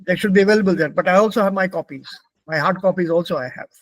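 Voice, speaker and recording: A man's voice: sits high, rapid-fire, no echo, poor audio. A man from India with an Indian English accent, teaching a German pronunciation class and patiently repeating words for his students.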